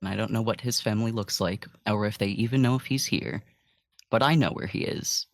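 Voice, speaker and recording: A man playing a tabletop game, speaking in character in a calm, measured way. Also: lowish voice, no room sound. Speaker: player.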